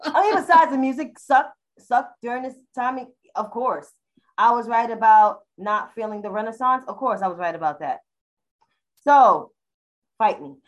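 A woman with a slightly high voice co-hosts a casual podcast. She rants bluntly and profanely, driving home each point with emphatic repetition. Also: expressive, moderate pace, poor audio. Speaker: podcast co-host. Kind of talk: casual chat.

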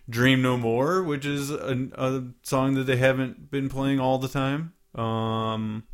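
A man co-hosting a podcast in loose, rambling casual chat, swearing now and then. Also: medium pitch. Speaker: podcast co-host.

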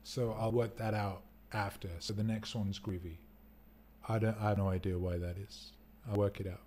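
A man's voice: on the low side, level tone, moderate pace, a little mellow, a little hiss or hum. Laid-back rambling streamer guy. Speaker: livestream host. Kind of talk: casual live-stream chat. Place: indoor rental home. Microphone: desk mic for streaming, wearing headphones.

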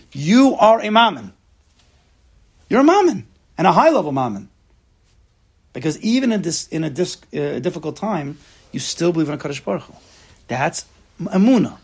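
With a gravelly, slightly rough voice on the high side, a man teaches a Torah class. His lecture is emphatic, with Hebrew terms woven into the English.

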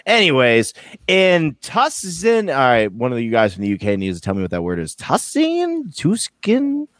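Lively joking quiz host, a man. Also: medium pitch, fairly quick, dry recording. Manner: joking, laughing, swearing. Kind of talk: casual group quiz chat.

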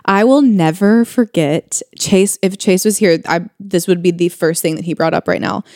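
A young adult woman co-hosting a podcast, telling stories with lively acted-out quotes. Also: fairly low pitch, moderate pace, no room sound, clean studio sound. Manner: animated storyteller, acts out quotes. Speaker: podcast co-host. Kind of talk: casual chat.

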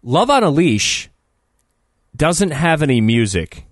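A man's voice: on the high side, big pitch swings, slow, no room sound, clean studio sound. A man co-hosting a podcast, talking casually and profanely with an exasperated tone as he reviews a film, laughing often. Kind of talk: casual comedic chat.

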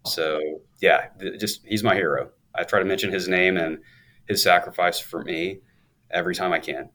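A man's voice: low-pitched, fairly even intonation, normal speed, sharp tone. A man in his thirties, a guest on an interview show, telling his story in an upbeat, chatty way with a laugh now and then. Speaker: guest, law firm owner.

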